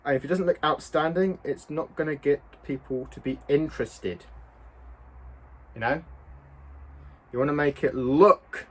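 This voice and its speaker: A man's voice: a little high, unhurried, long pauses, slightly rough. A man, chatting casually while he paints a prop, rambling and poking fun at himself. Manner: rambling, self-mocking, chatty with asides. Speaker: cosplay prop maker.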